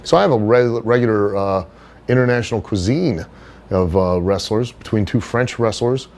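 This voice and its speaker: A middle-aged man in an interview, telling stories in a casual, animated way. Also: normal speed. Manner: animated storyteller, does high put-on voices for others. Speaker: wrestler being interviewed.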